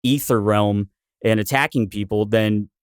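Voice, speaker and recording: A man's voice: on the low side, steady tone, unhurried, smooth, dry recording, studio quality. A man who is a podcast guest, telling a rambling story in casual chat.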